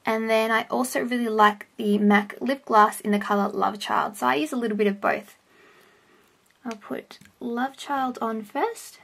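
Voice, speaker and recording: Young woman rambling thru a makeup vlog, bit high, a little fry in her voice. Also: steady tone, unhurried, a bit bright. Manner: chatty, rambling with self-corrections. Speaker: vlogger. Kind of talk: casual makeup tutorial vlog. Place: home, indoors. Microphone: camera on a stand close by.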